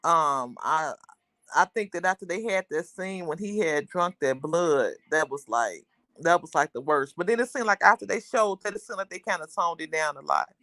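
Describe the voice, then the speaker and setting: A woman's voice: lowish voice, moderate pace, a bit bright, dry recording, studio quality. A woman hosting a casual livestream, chatting with viewers in a rambling, talkative way. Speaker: livestream host.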